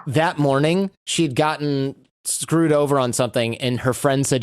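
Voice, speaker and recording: A man's voice: medium pitch, a little slow, smooth, no echo, clean studio sound. A man, a guest on a podcast, telling stories in casual conversation and acting out the lines of people he quotes. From United States. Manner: animated storyteller who acts out quoted lines.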